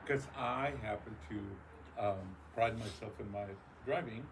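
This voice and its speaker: A man co-hosting a podcast, telling a profane, animated story in casual chat. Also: fairly low pitch, unhurried, creaky, noisy background. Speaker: podcast co-host.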